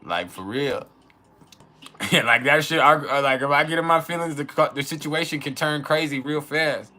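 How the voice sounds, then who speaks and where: A man's voice: on the high side, moderate pace, pushed and bright. A young man hosting an astrology channel, talking casually and profanely, laughing often and acting out heated arguments in his own voice. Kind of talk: casual unfiltered chat.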